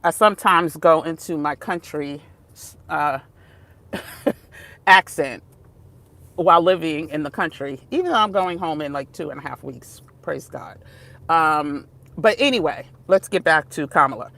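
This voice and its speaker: A woman's voice: low voice, animated, moderate pace, creaky, fairly bright tone, no echo. A woman vlogging in a casual, chatty way, often wandering off topic and laughing as she talks to her viewers. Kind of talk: casual vlog talk. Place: outdoors, moving between places.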